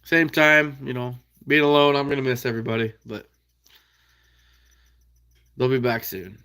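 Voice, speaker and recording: A man's voice: medium pitch, fairly even intonation, moderate pace, bright, forceful tone. A young man from the American Midwest hosting a trapping live stream, chatting casually and answering viewers by name with frequent laughs. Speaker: trapping channel host reading live chat.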